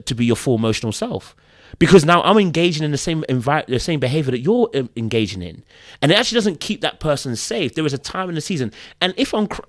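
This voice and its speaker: A man's voice: mid-range voice, dry recording, clean studio sound. A man co-hosting a podcast, chatting animatedly and acting out little voices as he argues his point. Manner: animated, acts out little voices, repeats words. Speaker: podcast co-host. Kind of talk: casual commentary chat.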